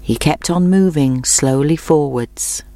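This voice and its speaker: A woman narrating a children's storybook in a clear, measured storytelling manner. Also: low-pitched, dark tone, no room sound. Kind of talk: storybook reading.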